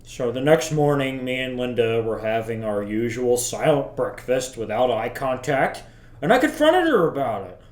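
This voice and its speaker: An actor playing a bitter, self-pitying middle-aged father who rambles crudely to his son in a deadpan comedy monologue. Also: mid-range voice, moderate pace, natural voice. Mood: rambling. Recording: roomy echo.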